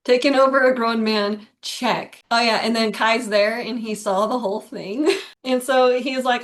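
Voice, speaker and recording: A woman's voice: fairly high pitch, fairly even intonation, unhurried, fairly bright tone. A woman in casual chat, animatedly recapping a book plot, often laughing and acting out the characters' lines.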